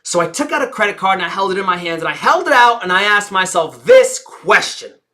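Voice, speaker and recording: A bright, clear-voiced woman teaches speakers in front of a live audience. She is theatrical and engaging, stretching and slowing her words, dropping almost to a hush and pausing for effect. She keeps throwing questions back to the crowd, her voice sitting in a middle pitch. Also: lively intonation. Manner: theatrical, shifts pace and volume on purpose, dramatic pauses. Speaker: speaking coach.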